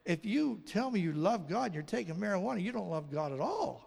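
Animated preaching man with a gravelly voice. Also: high voice, brisk. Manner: animated, acts out dialogue in raised voices. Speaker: pastor. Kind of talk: sermon with storytelling. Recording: long reverb of a large hall.

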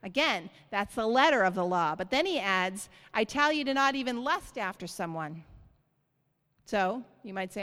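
A woman's voice: medium pitch, moderate pace. Woman preaching in a reverberant church. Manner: animated preaching with rising emphasis. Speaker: pastor. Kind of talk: sermon. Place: church sanctuary. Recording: hall reverb.

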